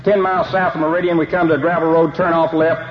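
A man who is a football coach telling a humorous story in an animated way, acting out the dialogue. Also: a little high, quick pace, crowd noise. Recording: dull lo-fi recording with faint hiss.

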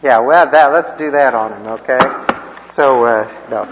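A man's voice: mid-range voice, normal speed, noisy background. A man teaching a church class in a rambling, folksy way, with chuckling asides and homespun stories. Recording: echoey, dull lo-fi room recording.

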